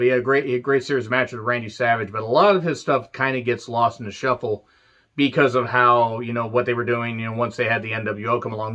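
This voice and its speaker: A man giving a casual, animated review of an old wrestling show, swearing freely and tossing in sarcastic asides. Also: medium pitch, highs cut off. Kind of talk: casual retro review monologue.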